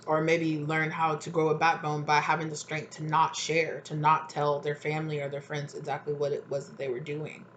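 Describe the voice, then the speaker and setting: A woman's voice: low voice, completely flat delivery, moderate pace, hardly any pauses, noisy background. A woman giving a casual, rambling tarot reading at home, full of fillers. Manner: chatty, rambling, many fillers. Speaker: tarot reader.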